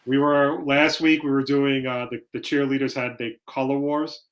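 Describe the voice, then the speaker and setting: A man, co-hosting a casual sports podcast and telling family stories with lively acted-out quotes. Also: medium pitch, moderate pace. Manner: animated storytelling, acts out quoted lines. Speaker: podcast co-host. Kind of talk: casual chat.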